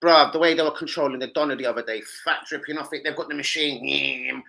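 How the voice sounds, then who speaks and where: A young man, hosting a football live stream and chatting with his viewers in an animated, slangy and sweary way. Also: a little high, fast talker, poor audio. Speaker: football livestream host. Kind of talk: casual live-stream chat.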